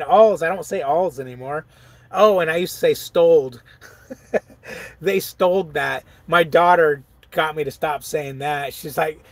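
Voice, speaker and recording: A middle-aged trucker with a fairly high voice talks his way through a live stream. He reads viewer comments out loud, laughs easily and wanders off into rambling stories. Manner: chatty, laughs often, reads comments aloud and riffs on them. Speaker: truck driver streaming and reading chat. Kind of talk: casual live stream chat.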